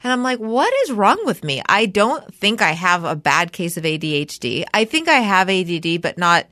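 A woman's voice: fairly low pitch, lively intonation, moderate pace, bright, forceful tone, dry recording. A middle-aged woman co-hosting a podcast in a studio, chatty and playful, jumping from topic to topic. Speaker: podcast co-host. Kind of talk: casual chat.

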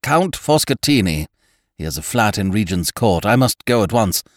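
A man doing a brisk, urgent doctor. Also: fairly low pitch, big pitch swings, no room sound, studio quality, pitched above the performer's own voice. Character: brisk middle-aged male doctor.

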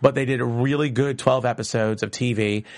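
A man's voice: mid-range voice, steady tone, brisk. A man with a New York accent hosting a casual panel discussion, steering the talk with a playful edge. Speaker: host.

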